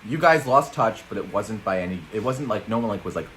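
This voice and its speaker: A man's voice: lowish voice, expressive, brisk, over a noisy crowd. A man co-hosting a comedy news show, chatting casually in a rambling, jokey way and laughing often.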